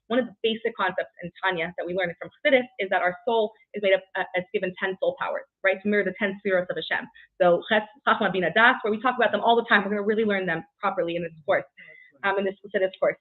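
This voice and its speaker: A woman teaching a casual weekly Torah class, brisk and chatty, often checking in with "right?" and filling pauses with "um.". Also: medium pitch. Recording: tinny phone-like audio.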